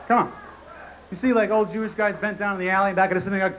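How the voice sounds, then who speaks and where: A man in his forties from Connecticut doing a stand-up comedy routine, sardonic and rapid-fire, full of asides. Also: sits high, fairly even intonation, fairly bright tone, lo-fi sound. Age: 40s. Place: theater stage in front of a live audience. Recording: live concert recording with audience noise.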